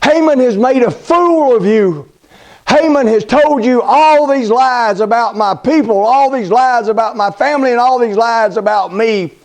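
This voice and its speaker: A man's voice: very high-pitched, a little slow, a little mellow. A man voicing a young queen who pleads through tears and then accuses her enemy, in a sermon retelling. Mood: accusing.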